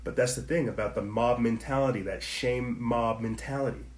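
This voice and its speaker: A man's voice: medium pitch, fairly even intonation, moderate pace, echoey room. A man hosting a political commentary podcast, talking straight to his listeners in a heated, preachy way and circling back to the same points. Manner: heated, preachy, repetitive, speaks to listeners directly. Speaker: podcast host.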